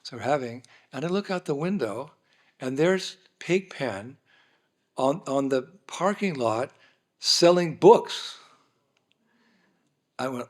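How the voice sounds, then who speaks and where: A man as guest speaker at a dinner, telling an anecdote in a lively way and acting out the dialogue. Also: mid-range voice, slow pace, pauses often. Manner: lively storyteller, acts out dialogue. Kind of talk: anecdotal storytelling talk. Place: dinner hall, indoors.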